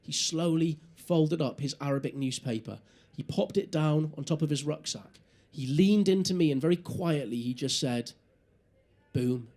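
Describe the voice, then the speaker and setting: A man doing live stand-up comedy, telling a story with animated asides and talking directly to the audience. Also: a little high, moderate pace, few pauses, a little hiss or hum. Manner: animated, acts out inner voices, audience asides.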